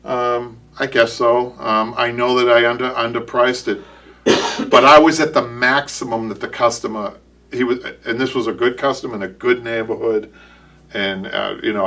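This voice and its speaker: A man's voice: on the low side, pushed and bright, recorded from a distance. A man with a Boston accent hosting a live upholstery show, talking casually and rambling with repeated words and restarts. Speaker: upholstery shop owner and show host. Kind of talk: casual live-stream chat.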